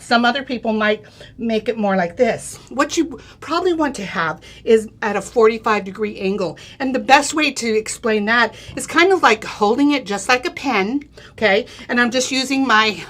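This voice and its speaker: On a live show, a middle-aged woman presents a craft demo one step at a time, talking chattily and tossing in "okay?" and "right?" to check in. She has a somewhat high, slightly bright voice.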